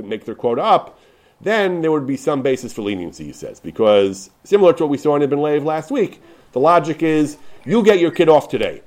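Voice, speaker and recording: A man teaching a Torah class, retelling a wartime rabbinic ruling with lively storytelling, many restarts and Yiddish and Hebrew terms. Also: medium pitch. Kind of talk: Torah lecture retelling a responsum.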